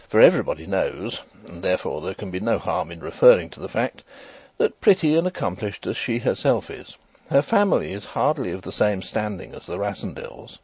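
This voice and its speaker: A man reads a classic novel aloud in a wry, expressive storytelling manner. His lowish voice is husky and swings widely in pitch, recorded dry and close with no room sound. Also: no echo. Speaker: audiobook narrator. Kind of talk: scripted narration of a classic novel.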